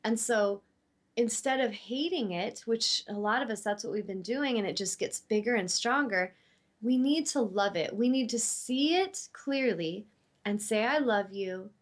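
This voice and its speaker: A woman's voice: a little high, expressive, a little slow. A woman who works as an intuitive healer, talking earnestly and from the heart about love and forgiveness, with casual fillers. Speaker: intuitive healer and show host. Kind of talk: spiritual teaching talk.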